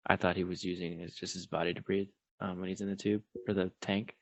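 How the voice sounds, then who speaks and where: A man's voice: deep voice, flat delivery, fast talker, vocal fry, few pauses, no room sound. A man co-hosting a podcast in easygoing casual chat, explaining things he looked up. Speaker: podcast co-host.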